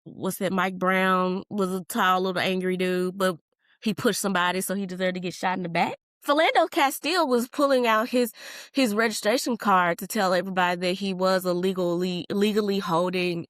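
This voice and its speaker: A woman's voice: medium pitch, fairly bright tone, dry recording, studio quality. A woman hosting a podcast in casual solo talk, answering comments in a heated, blunt and profane way with emphatic outbursts. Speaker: podcast host.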